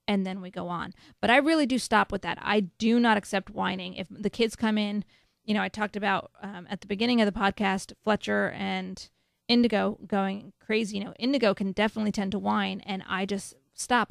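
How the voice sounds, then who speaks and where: A woman's voice: mid-range voice, gravelly, no room sound, clean studio sound. A woman hosting a parenting podcast, answering listener questions in a frank, matter-of-fact, firm way. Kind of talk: casual advice talk.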